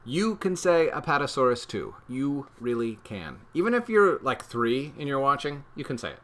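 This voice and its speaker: A man's voice: mid-range voice, sing-song, moderate pace, fairly bright tone. A man co-hosting a family show, reading a picture book aloud with playful, theatrical emphasis and jokey banter.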